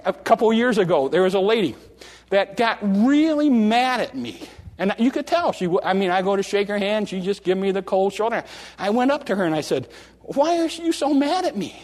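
High-voiced folksy preacher in a reverberant church. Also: male voice. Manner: folksy, animated preaching with restarts and dramatic slowdowns. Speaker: pastor. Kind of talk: sermon. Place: church sanctuary. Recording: long reverb of a large hall.

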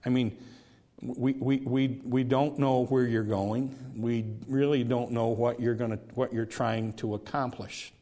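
A man preaching a sermon, earnest, who repeats words as he builds a point and slows down to stress key phrases. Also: mid-range voice, steady tone, mellow.

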